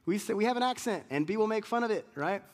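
A man preaching a sermon with a fairly high voice. He speaks conversationally, stumbling and restarting as he goes, and slips into quick impressions of what people say. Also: expressive, darkish tone. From United States. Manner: conversational preaching with many restarts and acted-out quotes. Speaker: pastor.

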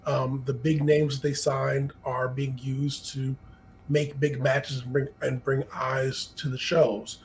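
Brief: man, gravelly mid-pitched voice, measured podcast co-host, faint noise behind. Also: little pitch movement, rough recording. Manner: measured, thinking aloud with many "um"s. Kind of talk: casual wrestling podcast chat.

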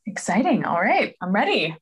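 Singer lady from around philly, chatty, tells stories with lots of life, mid-pitch voice. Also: normal speed, breathy edge. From Philadelphia area, USA. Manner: chatty, animated storyteller, laughs easily. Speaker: singer, interview guest. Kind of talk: casual interview chat. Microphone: video call.

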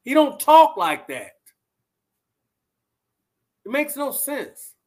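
Streamer, male, high-pitched and expressive, slow deliberate delivery, blunt opinionated talk to chat. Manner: blunt, animated, addresses viewers directly. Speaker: vlogger reacting to live chat. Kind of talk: casual commentary on a live stream.

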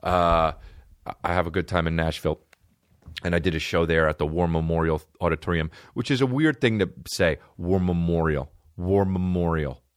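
A man's voice: low-pitched, brisk, dry recording. A man hosting a podcast, talking in a rambling, profane, comedic monologue from a studio. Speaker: podcast host.

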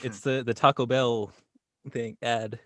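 A wry man who works as a voice actor, chatting as a podcast guest. He stammers and restarts phrases as he talks. His voice is at a middle pitch, recorded dry and close with no room sound. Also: steady tone, a little slow, dry recording. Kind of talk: casual chat.

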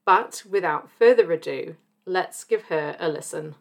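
A woman from New Zealand hosts a podcast with a fairly low voice, telling stories in clear narration before moving on to her questions. She reads her intro from a script and then chats with her guest. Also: a little slow. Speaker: podcast host.

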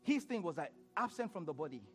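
A man preaching a sermon in church, animated, laughing often and repeating phrases as he questions the congregation. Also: fairly high pitch, fast talker, over music.

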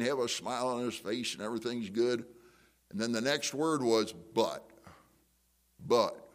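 A man's voice: mid-range voice, moderate pace. A middle-aged male pastor preaching a sermon in a conversational way, asking the congregation questions.

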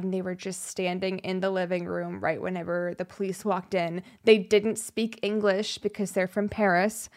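A young woman co-hosting a podcast, telling a true crime story in a somber, halting way with fillers and sighs. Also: medium pitch. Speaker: podcast co-host.

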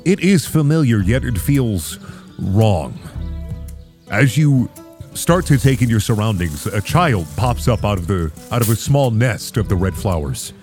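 A man's voice: on the low side, measured pace, soft background music. Young man narrating a tabletop game. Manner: calm descriptive narration, casual swearing. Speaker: game master.

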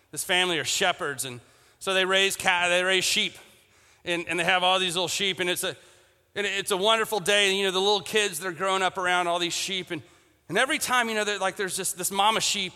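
Bright high-voiced pastor in a hall. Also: male voice. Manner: storytelling with acted-out voices, many restarts. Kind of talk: sermon. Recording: long reverb of a church hall.

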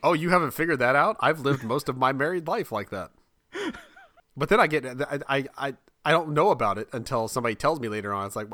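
A man in his thirties trading jokes in casual podcast chat, his bright voice jumping up and down in pitch. He laughs a lot and trips over his words, and the recording is dry and close. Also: lively intonation, fast, no echo. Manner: laughs often, stammers on restarts, puts on exasperated voices.

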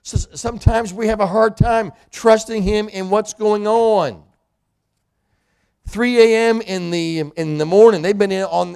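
A man's voice: sits high, gravelly, darkish tone, clear, resonant tone. A man preaching a sermon in a church, a pastor and hospital chaplain who acts out the voices of people in scripture.

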